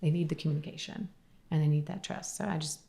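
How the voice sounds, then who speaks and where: A woman with a low, gravelly voice speaks as a podcast guest. She tells her story earnestly and openly, with feeling in her delivery. The conversation is candid and unscripted. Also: fairly even intonation, fast talker, dark tone, reverberant. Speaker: guest entrepreneur, company founder.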